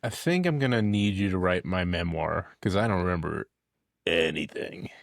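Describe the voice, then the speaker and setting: A man with a lowish voice, recorded close and dry with no room echo. He banters as a podcast co-host, delivering absurd jokes in a flat, deadpan way. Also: normal speed, creaky. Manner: deadpan, dry jokey quips. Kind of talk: casual chat.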